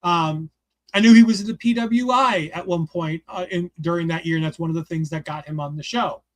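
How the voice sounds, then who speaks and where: Guy with a pretty high voice, rambly and hyped, swears a lot, says like constantly. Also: fairly quick. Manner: excited, rambling, swears freely, many "like" fillers. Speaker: podcast co-host reviewing a wrestling show. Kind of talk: casual review chat.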